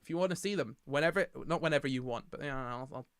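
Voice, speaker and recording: A man's voice: fairly high pitch, quick pace, a bit bright, clear, resonant tone, no room sound. A tired young man from the United Kingdom, rambling and self-mocking as he hosts a casual livestream and reads the chat aloud. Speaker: livestream host.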